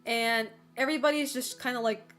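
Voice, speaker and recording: A young woman with a somewhat high voice rambles casually on a livestream. She is full of fillers and casual swearing, and she laughs often. Soft music plays faintly behind her. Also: fairly even intonation, a little fast. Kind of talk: casual chat while streaming.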